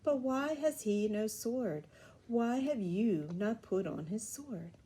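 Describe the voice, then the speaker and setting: A woman's voice: a little high, animated, slow pace, slight background noise, pitched above the performer's own voice. Woman playing a cheeky young boy. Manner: loud and teasing. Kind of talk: storybook reading.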